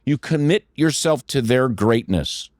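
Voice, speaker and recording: A man's voice: mid-range voice, expressive, unhurried, darkish tone, no echo, studio quality. An older man co-hosting a podcast, giving blunt, emphatic life advice and swearing freely. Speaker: podcast co-host and mentor. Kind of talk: casual motivational talk.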